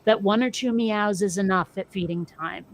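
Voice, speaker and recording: A woman's voice: mid-range voice, moderate pace. A woman chatting casually as a podcast co-host, rambling through anecdotes full of filler words. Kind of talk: casual chat.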